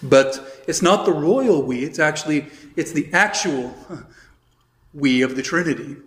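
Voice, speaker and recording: Male priest-teacher, slightly high voice, conversational catechism lecture with asides, roomy echo. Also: animated, measured pace, a bit bright. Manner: explanatory, chatty asides, reads scripture aloud. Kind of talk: informal catechism class lecture. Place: church hall or classroom. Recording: echoey room.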